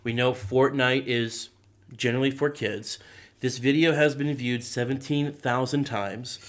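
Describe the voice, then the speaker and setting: A man's voice: mid-range voice, fairly even intonation, unhurried. A man hosting a Christian podcast, casually setting up a clip for listeners. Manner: conversational, introduces segments. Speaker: podcast host.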